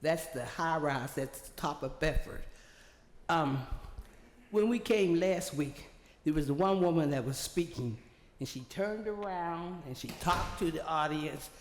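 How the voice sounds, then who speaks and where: A woman's voice: deep voice, unhurried. An older woman giving an emphatic, rambling public comment at a podium microphone in a large council chamber. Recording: echoey hall.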